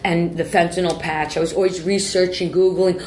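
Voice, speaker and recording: A woman's voice: on the low side, level tone, moderate pace, a little mellow, slight background noise. A woman in her forties, a podcast guest, telling a personal story with blunt, profane words and frequent self-interruptions. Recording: echoey room with faint ambience.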